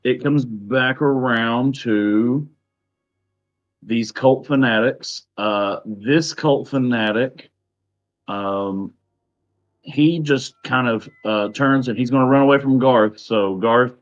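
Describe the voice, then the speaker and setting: A man running a tabletop game as game master, talking in a hesitant way with many fillers and pauses. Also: mid-range voice, fairly even intonation. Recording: dull lo-fi recording.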